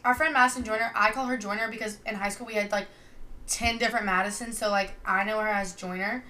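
A woman's voice: mid-range voice, steady tone, fast talker, bright, forceful tone, a little hiss or hum. A young woman from Louisiana co-hosting a podcast, rambling in casual chat with lots of fillers and swearing. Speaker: podcast co-host.

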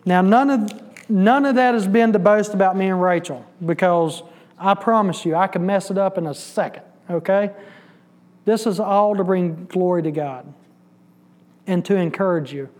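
A man's voice: high voice, normal speed, darkish tone. A man giving a testimony in church, storytelling and acting out the dialogue. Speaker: church bus ministry volunteer giving testimony. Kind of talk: sermon testimony.

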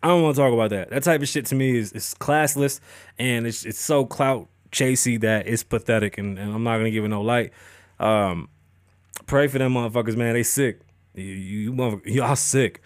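A man's voice: mid-range voice, brisk, dry recording. A man hosting a podcast, ranting casually and profanely with lots of swearing. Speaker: podcast host. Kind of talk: casual chat.

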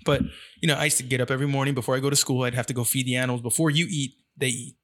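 A man from San Jose telling a story in a casual chat, profane and animated, acting out the quotes. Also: mid-range voice, rapid-fire. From San Jose, California.

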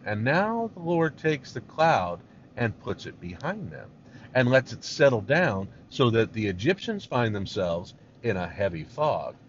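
Animated male preacher teaching a passage. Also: medium pitch. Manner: animated, conversational, acts out voices. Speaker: pastor. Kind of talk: expository sermon. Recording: dull lo-fi recording with faint hiss.

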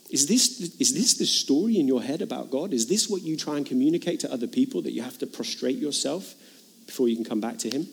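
A man preaching with earnest conviction, pushing his voice up in pitch and volume to drive home each point. He retells a parable with dramatic flair, then drops back into a plain, conversational tone with the congregation. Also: husky. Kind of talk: sermon.

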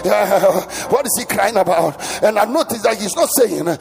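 Man preacher, very high gravelly voice, swinging pitch, long hall reverb and faint music behind. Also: expressive, normal speed. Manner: impassioned, shouting and chanting. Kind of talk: sermon.

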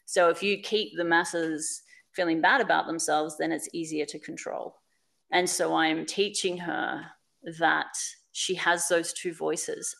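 A woman's voice: fairly low pitch, vocal fry, a bit bright. A woman speaking on a podcast in a candid, earnest, reflective way, repeating phrases for emphasis. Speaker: podcast guest.

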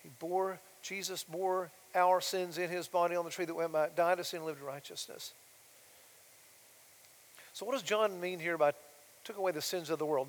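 High-voiced preacher in a big hall. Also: male voice, steady tone, normal speed. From United States. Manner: swings from loud emphatic declarations to soft quiet asides, asks rhetorical questions. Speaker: pastor. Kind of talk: sermon. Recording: long reverb of a large hall.

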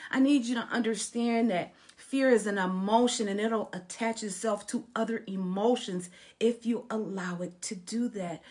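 Slow, dramatic woman preacher. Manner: dramatic storytelling preacher with big swings in loudness and pitch. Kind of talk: sermon.

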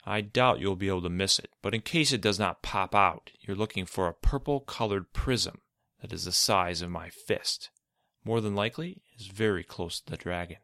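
A man's voice: low voice, moderate pace, sharp tone, no echo, studio quality. A man voicing a scheming, commanding adult male figure in a storybook reading, speaking in a cool, demanding way with a faint edge of menace. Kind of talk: storybook narration.

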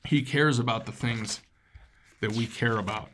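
A man of ordinary mid-range pitch delivers a sermon as a pastor. His preaching stays casual and conversational. He keeps turning to his listeners with quick asides. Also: a bit bright, a little hiss or hum.

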